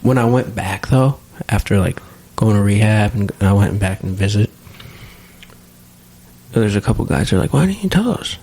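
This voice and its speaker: Gravelly low-voiced man, earnest and halting. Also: fairly even intonation, mellow. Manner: earnest, halting, repeats phrases with "you know". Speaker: podcast guest. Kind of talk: candid podcast conversation. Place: home basement studio.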